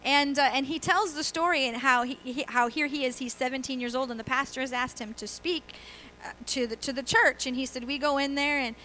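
This middle-aged woman is preaching in a church, chatting through stories with laughter and quoted voices in a fairly quick, high-pitched, sharp-toned delivery. There's a little hiss or hum on the low-quality recording.

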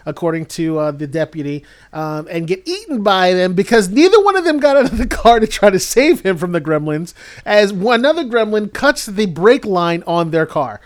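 A man's voice: high voice, very animated, moderate pace. A man co-hosting a comedy podcast, casually retelling a movie plot in a rambling way and laughing as he goes. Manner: rambling, laughs through his own storytelling. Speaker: podcast co-host.

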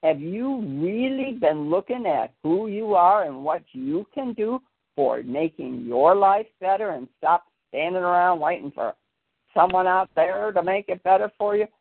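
A man's voice: high voice, animated, a little slow, gravelly, no room sound. A man hosting a podcast in a casual chat, telling a long story full of fillers and detours. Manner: meandering, with frequent fillers. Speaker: podcast host. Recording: tinny phone-line sound.

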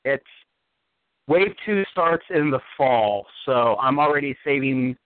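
A man's voice: mid-range voice, expressive, takes it slowly, no echo. A man in his late thirties, an enthusiastic and joking guest on a casual podcast. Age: 30s. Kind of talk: casual chat. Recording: dry, phone-like audio.

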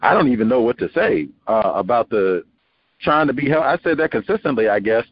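A man's voice: mid-range voice, animated, brisk, breathy edge. A man hosting a radio talk show, musing in a rambling way and breaking into quoted voices with small laughs. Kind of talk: conversational call-in radio commentary. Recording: muffled radio broadcast with faint noise.

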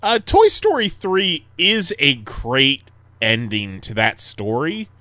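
Male podcast co-host, lively bright delivery, casual and profane, dry close recording. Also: a little high, takes it slowly, dry recording. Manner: animated, laughs often, swears casually.

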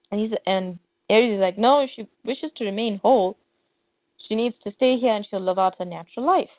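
A woman's voice: on the high side, brisk, no room sound. A woman co-hosting a podcast, animatedly retelling a comic's plot and reading the characters' lines aloud. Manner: animated retelling with quoted voices. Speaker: podcast co-host. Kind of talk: casual comic recap, reading dialogue aloud. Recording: tinny phone-like dry audio.

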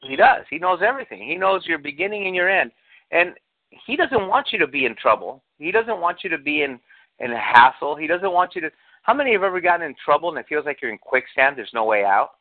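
A man's voice: fairly high pitch, sing-song, brisk. A male pastor preaches in a conversational, storytelling way. He acts out the people in his stories and puts questions to his listeners. The sound is thin and tinny, like a phone line. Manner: storytelling, acts out quotes, asks the congregation questions. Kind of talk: sermon.

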